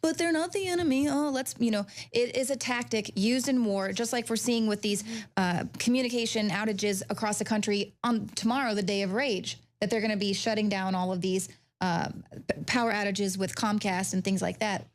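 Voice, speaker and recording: Woman panel guest, mid-pitched, measured, some restarts. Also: fairly even intonation. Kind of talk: talk-show panel discussion.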